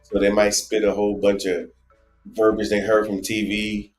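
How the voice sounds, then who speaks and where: Animated low-voiced New Jersey man. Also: normal speed, reverberant, faint music behind. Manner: animated, rambling, many restarts and "you know". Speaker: travel show co-host. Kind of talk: casual live-stream chat.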